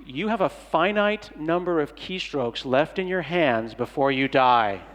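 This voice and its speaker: A middle-aged man speaks from a big stage in a slightly higher voice, playful and quick with a joke. He keeps acting out little back-and-forth exchanges as he goes. His voice rings out with a long hall reverb behind it. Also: animated, fairly bright tone. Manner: playful, jokey, acts out little dialogues. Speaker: conference speaker. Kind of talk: comedic keynote talk. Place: large conference hall.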